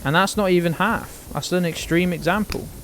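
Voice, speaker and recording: A man's voice: sits high, moderate pace, a bit bright, slight background noise. Rambling British man streaming a game. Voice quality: rambling, swears casually, trails off into mumbles. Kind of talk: casual gaming chat.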